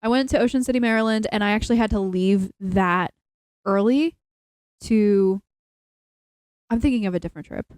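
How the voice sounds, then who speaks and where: A woman's voice: mid-range voice, moderate pace, pauses often, darkish tone, no echo. A woman co-hosting a casual podcast chat, rambling and losing her train of thought, laughing easily. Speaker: podcast co-host. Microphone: in-ear earbuds with mic.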